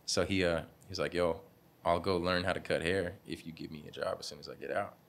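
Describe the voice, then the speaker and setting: A young man with a very low, deep voice tells stories from his barbershop in a relaxed interview. He talks loosely with slang, laughs easily and slips into the voices of people he quotes. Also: brisk, gravelly. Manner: laid-back, laughing, slangy, acts out quotes. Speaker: barbershop owner, guest. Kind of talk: casual interview storytelling.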